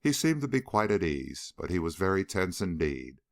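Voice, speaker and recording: A man narrating an audiobook with expressive storytelling. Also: sits low, moderate pace, no room sound, studio quality. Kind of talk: scripted narration.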